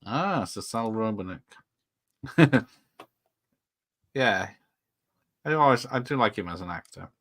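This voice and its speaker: A man's voice: on the low side, animated, slow, pauses often, a bit bright. A man hosting a casual film watch party, laughing often and swearing freely. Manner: giggly, frequent laughter, swears.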